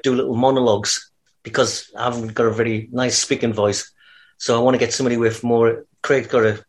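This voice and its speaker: A man with a Geordie accent chatting casually on a podcast, rambling and laughing often. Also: mid-range voice. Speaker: podcast co-host. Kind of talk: casual chat.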